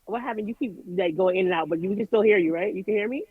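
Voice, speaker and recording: A woman's voice: mid-range voice, fast talker, slightly rough, dry recording, narrow, tinny audio. A woman artist, from Jamaica, talking candidly in a casual remote interview and acting out what people said to her. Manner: candid, chatty, quoting people in lively voices. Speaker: music artist guest.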